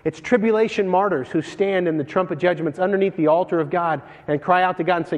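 A man preaching a sermon as pastor, animated and joking as he tells stories between scripture readings. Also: fairly high pitch, fast talker, hardly any pauses. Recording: long hall reverb.

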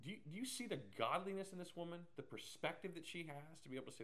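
Guy preaching, kinda high voice, super expressive, jokey and casual. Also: racing, few pauses. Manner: casual, joking, animated preaching with laughs. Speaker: pastor. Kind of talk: sermon.

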